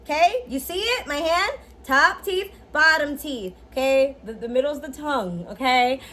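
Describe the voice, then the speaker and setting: A woman in her twenties giving a casual, slangy tutorial as a vlogger, animated and quick to laugh. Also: sits high. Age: 20s.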